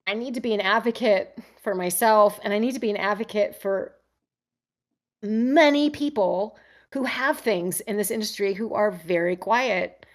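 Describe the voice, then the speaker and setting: A woman's voice: medium pitch, normal speed. Candid middle-aged woman telling a story. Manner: animated, acts out others' lines in voices, frequent restarts. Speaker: interview guest, actress.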